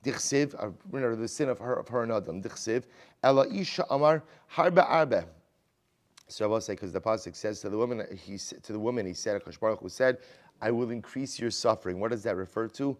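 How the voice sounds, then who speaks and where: A rabbi teaches a Talmud class in a lowish, fairly quick voice, sprinkling in Hebrew and Aramaic terms. He's conversational and animated, full of rhetorical "right?" questions and restarts, swinging between loud and quiet for emphasis.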